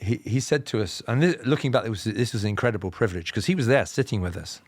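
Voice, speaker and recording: A man from England with a southern, BBC-style received pronunciation accent, telling personal stories as a podcast guest in a measured, explanatory way with self-deprecating humour. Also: fairly low pitch, lively intonation, no room sound. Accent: Southern English, BBC-style received pronunciation. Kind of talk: reflective personal storytelling.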